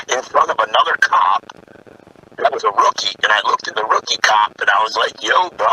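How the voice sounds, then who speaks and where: Bright, lively heated man. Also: on the low side, fairly quick, a little hiss or hum, low-quality recording. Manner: heated storytelling, profane, says bro a lot. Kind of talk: casual conversation.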